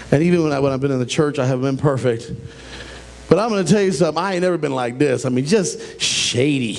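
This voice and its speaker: A middle-aged man preaching a sermon in a church, talking in an animated, conversational way with joking asides. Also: a little high, vocal fry. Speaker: pastor. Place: church sanctuary.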